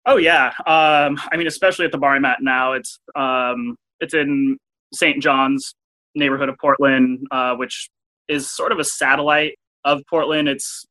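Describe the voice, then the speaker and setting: A man working as a bartender, chatting as a guest in an easygoing, halting way with plenty of fillers. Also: medium pitch, steady tone, bright, forceful tone, rough recording. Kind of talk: casual chat.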